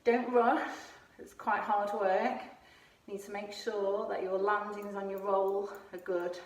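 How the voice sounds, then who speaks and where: A woman's voice: mid-range voice, flat delivery, unhurried. A woman coaching children through gymnastics moves at home, showing each one as she explains, a little out of breath at times. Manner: encouraging, demonstrates moves while talking. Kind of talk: home exercise lesson for children. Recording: echoey room, voice from a distance.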